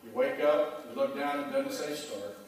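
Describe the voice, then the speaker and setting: A man's voice: fairly high pitch, huge pitch swings, moderate pace. Man preaching in a ringing church hall. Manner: conversational, calls out to the congregation. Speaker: pastor. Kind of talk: sermon. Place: church sanctuary. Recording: echoey church hall from far off.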